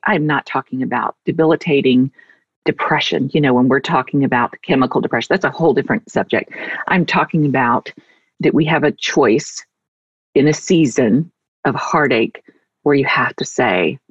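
Middle-aged woman guest author, husky, heartfelt, on dry muffled audio. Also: low-pitched, no echo. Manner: heartfelt, reflective, emphatic. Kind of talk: conversational interview.

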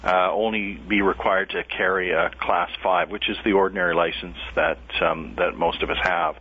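A government official making a statement in a low, husky voice, pausing often with ums and uhs. The sound is muffled, as if taken from a broadcast clip. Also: male voice, steady tone. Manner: hesitant, filler-heavy. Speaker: provincial official. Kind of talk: press statement.

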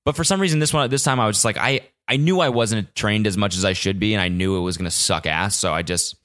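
A young man with a slightly low voice rambles through a solo podcast from his apartment. He sounds frazzled and swears constantly, piling up restarts as he talks. He is picked up by a little vlog camera's built-in mic. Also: fast, a bit bright. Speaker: podcast host. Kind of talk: casual solo podcast monologue. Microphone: small vlog camera mic.

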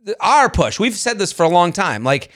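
A man co-hosting a chatty podcast, talking in rambling, halting bursts with frequent restarts and laughs. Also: sits high, big pitch swings, a bit bright. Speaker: podcast co-host, comedian. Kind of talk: casual chat.

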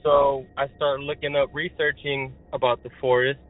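A young man calling in to tell a spooky story in a rambling, excited way, full of fillers. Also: mid-range voice, normal speed. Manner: excited, rambling, heavy use of filler words. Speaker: caller telling a paranormal experience. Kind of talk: casual storytelling. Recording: tinny phone line, dry, faint music.

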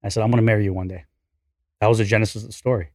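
A man in his forties, a podcast guest, telling a story in an animated, profane, self-deprecating way. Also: on the low side, rapid-fire, no echo, studio quality. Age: 40s. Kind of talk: casual storytelling.

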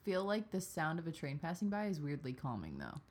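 A woman's voice: deep voice, huge pitch swings, a little fast, husky. A woman co-hosting a podcast in casual chat, from the Midwest, dropping dry quips and short interjections, swearing freely, sitting on the floor of a blanket-lined spare room. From Midwest United States. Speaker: podcast co-host.

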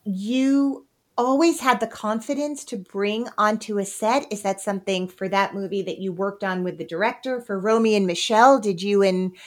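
A woman's voice: medium pitch, moderate pace. A woman hosting an interview, asking long, meandering questions peppered with "like.". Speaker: podcast host. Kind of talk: interview conversation.

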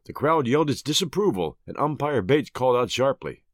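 Expressive male audiobook narrator. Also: mid-range voice, fairly quick, few pauses, no echo, studio quality. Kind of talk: scripted story narration.

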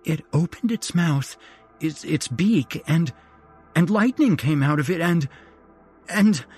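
A man's voice: on the high side, lively intonation, slow pace, a little mellow, slightly rough, soft background music, pitched above the performer's own voice, exaggerated voice. A man voicing a frightened young woman who stammers and repeats herself. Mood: terrified. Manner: stammering, breathless.

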